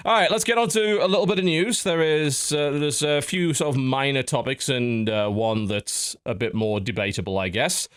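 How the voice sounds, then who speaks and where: A man's voice: medium pitch, normal speed, hardly any pauses, clean tone. A man hosting a podcast in casual chat, telling stories with lots of restarts. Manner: chatty storyteller, many restarts. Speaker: podcast host.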